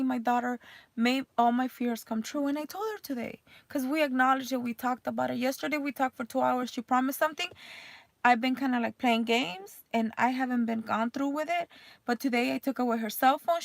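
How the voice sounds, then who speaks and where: A woman's voice: sits high, creaky, no room sound. A woman in her thirties, a mother, talking candidly in a rambling personal vlog full of fillers. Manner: emotional, voice rising and cracking near tears.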